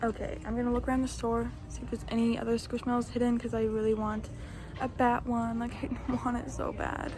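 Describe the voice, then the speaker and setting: Excitable early-20s girl vlogging on her phone while shopping, kinda high voice, music playing behind. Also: fairly quick. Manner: excitable, gushing, exclaims often. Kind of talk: casual shopping vlog. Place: inside retail stores. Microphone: handheld phone camera.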